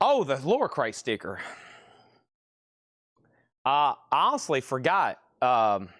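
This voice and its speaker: Brisk man calling out bids. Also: medium pitch, wildly swooping pitch, fairly bright tone, dry recording, clean studio sound. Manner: brisk, rattles off prices and names, hums to himself. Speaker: host of a live record sale. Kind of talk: live sales stream, calling bids.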